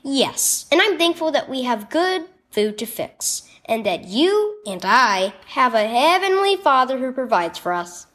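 Brief: a woman reading a tired single mother in a kids' audio story, gentle and encouraging, with a fairly high, lively voice. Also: a little slow, few pauses, full character voice.

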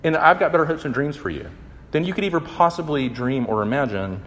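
A young man giving a conversational, animated sermon, acting out the quotes. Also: on the high side, a little fast. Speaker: campus minister. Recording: long hall reverb.

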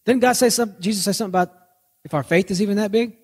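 Man, pastor, high voice, joking storyteller, long echoing reverb. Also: racing, husky. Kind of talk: conversational sermon podcast.

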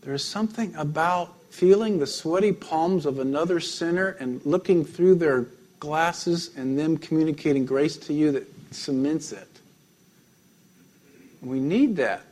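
A man, a pastor, preaching a sermon, telling stories with frequent light laughs and drops to a soft, intimate tone. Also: fairly high pitch, moderate pace.

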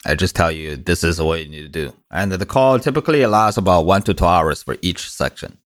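Man with a Mandarin accent, lower voice. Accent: Mandarin Chinese. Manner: plain, direct, halting with fillers. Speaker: guest coach. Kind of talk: podcast interview.

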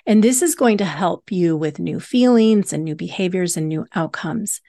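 A woman's voice: fairly low pitch, expressive, moderate pace, warm tone, no echo, studio quality. A woman hosting a solo self-help podcast, teaching earnestly and repeating key points for emphasis. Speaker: podcast host and hypnosis coach.

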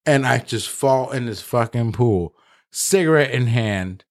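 A man's voice: mid-range voice, animated, measured pace. A man holds forth on a casual podcast in an everyday mid-range voice. He tells a rambling story and swears constantly. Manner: profane, rambling anecdotes. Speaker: podcast co-host.

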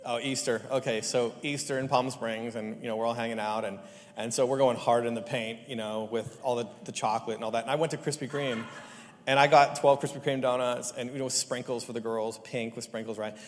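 A man preaching a sermon, telling funny family stories and pressing his point with lively emphasis. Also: mid-range voice, a little fast. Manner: lively, joking, rising to animated emphasis. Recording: long hall reverb.

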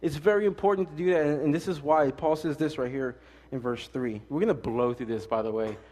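A male pastor preaching a casual, fast-talking sermon with jokes and stories, swinging between loud emphatic lines and quiet asides. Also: on the high side, long reverb tail.

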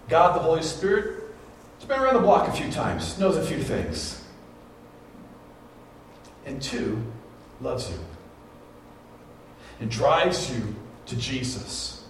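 A man's voice: far from the mic, a little hiss or hum. Man preaching in a very echoey church. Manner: storytelling, rises to high emphatic peaks. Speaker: pastor. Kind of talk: sermon. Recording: very echoey room, voice from afar.

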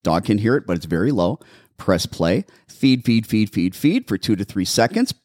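Lively-voiced male dog trainer. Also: lowish voice, moderate pace, dry recording, clean studio sound. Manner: animated, instructive, repeats steps. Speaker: dog behaviorist, podcast host. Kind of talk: casual advice chat.

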